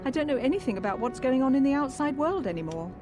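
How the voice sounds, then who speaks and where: A woman's voice: high-pitched, big pitch swings, fast, a little mellow, faint music behind. A wary young woman with a British accent. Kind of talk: video game dialogue.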